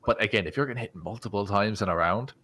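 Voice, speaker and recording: A man's voice: on the low side, quick pace, sharp tone. A man co-hosting a casual podcast about tabletop games, explaining rules with enthusiasm. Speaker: podcast co-host.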